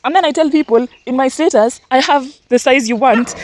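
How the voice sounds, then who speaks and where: A woman's voice: sits high, brisk, few pauses, no echo. A young woman giving a casual walking tour of her vegetable garden outdoors, exclaiming at her crops and calling out to her dogs. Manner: animated, exclamatory, scolds and coos at her dogs. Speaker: homestead farmer giving a farm tour. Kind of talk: casual vlog walkthrough.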